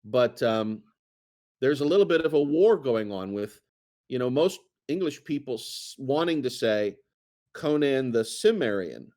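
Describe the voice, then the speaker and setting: A man's voice: medium pitch, animated, a little slow, a little mellow. A man co-hosting a casual chat, talking in a rambling way with many fillers and restarts. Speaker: co-host.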